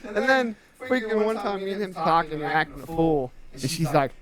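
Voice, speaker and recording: A man's voice: sits high, lively intonation, a little fast, few pauses, crowd noise. A young man co-hosting a podcast stream, telling stories with laughter and swearing in casual banter. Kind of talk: casual chat.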